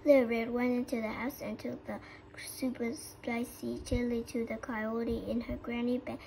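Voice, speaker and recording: A woman with a Vietnamese accent reads a children's story aloud. Her voice sits a little high, and her reading halts with frequent slips and restarts. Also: level tone, normal speed, vocal fry, mellow, a little hiss or hum, poor audio. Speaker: storybook reader.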